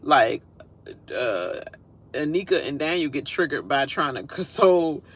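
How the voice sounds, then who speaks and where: A woman's voice: deep voice, sing-song, measured pace, husky. A woman giving a casual, sassy reaction rant, laughing often and mimicking people in whiny voices. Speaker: reality show commentator.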